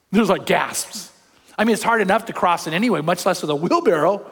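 An older male pastor with a high voice preaches in a church, his words trailing into a long hall reverb. He moves between soft, personal asides and lively, acted-out crowd shouts. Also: fairly quick. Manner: animated storytelling, acts out crowd shouts. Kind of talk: sermon. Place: church sanctuary.

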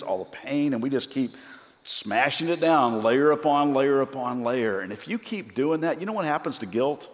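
A male pastor preaching a sermon with emphatic, rhythmic contrasts that build in force. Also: medium pitch. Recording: long hall reverb.

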